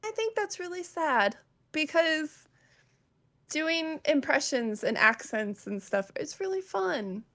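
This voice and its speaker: A woman's voice: sits high, lively intonation, takes it slowly, fairly bright tone. A woman co-hosting a podcast in casual chat, giggly and full of fillers. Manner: chatty, giggly, with many fillers. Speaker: podcast co-host.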